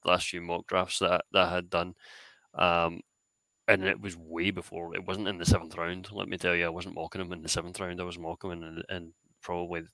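Deep gravelly dude on a sports podcast, dry close mic. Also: male voice, flat delivery, brisk, bright, forceful tone, no echo. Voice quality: gravelly, laughs easily. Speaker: podcast co-host. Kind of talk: casual sports chat.

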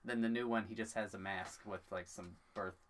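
A man's voice: lowish voice, steady tone, brisk, a bit bright, slight background noise. Laid-back young man in casual chat. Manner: laid-back storyteller, swears freely, mimics voices in bursts.

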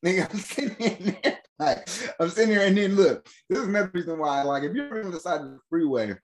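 A man tells a story in loose podcast chat, his voice sitting a bit high for a man. He is animated and slangy, laughs often, and slips into the voices of the people he quotes. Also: fast. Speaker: podcast host.

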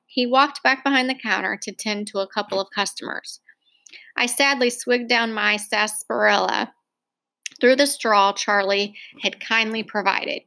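Bright-voiced woman reading a novel. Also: a little high, unhurried, vocal fry. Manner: expressive, acts out dialogue. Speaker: audiobook narrator. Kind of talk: first-person novel reading.

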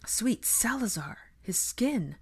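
A woman's voice: fairly high pitch, sing-song, slow, slightly rough, voice pushed up, heavily acted. A woman reading the part of a fearful, pleading young witch.

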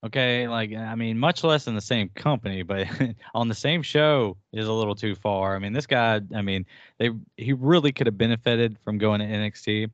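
A low-voiced man talks in a relaxed way, thinking out loud as he goes. The sound is dry and close, with a dull, lo-fi tone. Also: moderate pace, dry recording. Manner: relaxed, thinks aloud with fillers. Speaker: podcast co-host. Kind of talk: casual chat.

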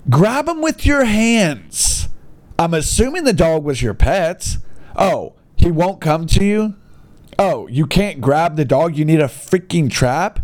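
A man's voice: a little high, sing-song, slow pace, a little mellow. A man reading online posts aloud and mocking them in an exasperated, sarcastic comedic rant. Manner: exasperated, mocking, mild bleeped-style cursing.

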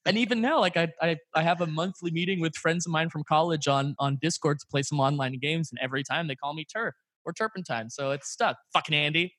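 A man from Belgium co-hosting a podcast, rambling through stories and acting out what people told him. His voice sits a little high for a man. The sound is dry and close. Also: a little fast, hardly any pauses, a bit bright, dry recording. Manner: storytelling, quoting others, frequent swearing. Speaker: podcast co-host. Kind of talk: casual chat.

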